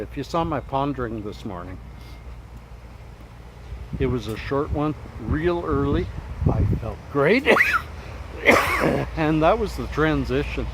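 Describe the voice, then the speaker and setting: A middle-aged man talks into his phone camera while walking outside, rambling along in a loose, laid-back way and poking fun at himself. His pitch sits in an ordinary middle range. Traffic and street noise come through clearly behind him. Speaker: vlogger. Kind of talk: casual vlog monologue while walking. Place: outdoors walking toward a river.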